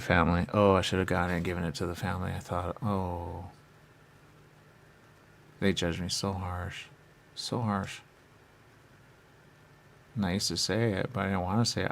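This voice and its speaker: Man, low-pitched, gravelly, rambling channeling talk, hesitant, high-voiced quotes. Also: slight background noise. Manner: halting and hesitant, trailing off into fillers.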